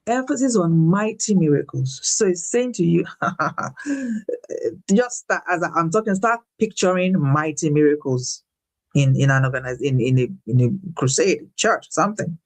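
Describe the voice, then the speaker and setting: A woman giving a personal faith testimony in an interview, talking in a preacherly way, with repeated words and big pitch swings when she retells a story. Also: expressive, measured pace. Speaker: guest speaker.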